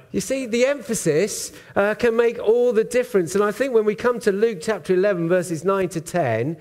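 A man's voice: sits high, a little mellow. Male pastor preaching conversationally. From Britain. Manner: conversational preaching with frequent fillers. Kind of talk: sermon. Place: church.

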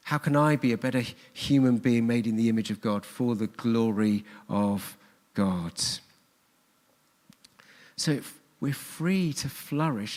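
A man preaching a sermon in a church, telling the story earnestly and repeating his key phrases for emphasis. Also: medium pitch. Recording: long church hall reverb.

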